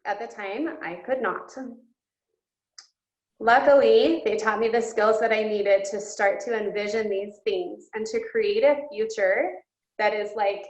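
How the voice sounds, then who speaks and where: Speaking unhurriedly, a woman guest at a coaching session delivers an earnest and emotional account of her own life, punctuated by laughter. Her medium-pitched voice stays fairly even, and the audio is roomy, dull and lo-fi.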